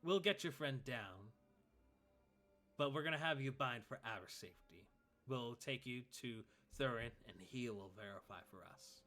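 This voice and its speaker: A man's voice: medium pitch, lively intonation, a little slow, a bit bright, faint music behind. A man voicing a stern, suspicious male elf guard who distrusts strangers and makes threats.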